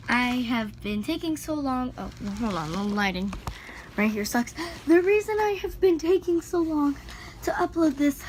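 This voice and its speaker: Excitable high-voiced woman vlogger. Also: slight background noise. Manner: excitable, exclaiming, talks to the camera. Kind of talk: casual unboxing vlog. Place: at home indoors, a cat nearby.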